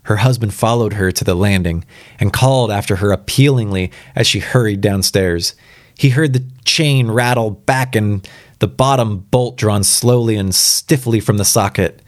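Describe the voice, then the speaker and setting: A man's voice: lowish voice, normal speed, no echo, studio quality. A man reading a spooky story aloud for the first time, casual and reacting aloud between passages. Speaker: reader.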